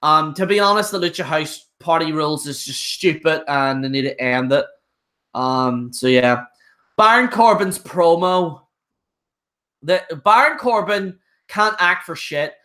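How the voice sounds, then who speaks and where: A man's voice: on the high side, lively intonation, measured pace, sharp tone. A young man ranting casually on a live stream, blunt and rambling, with frequent restarts. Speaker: wrestling show reviewer.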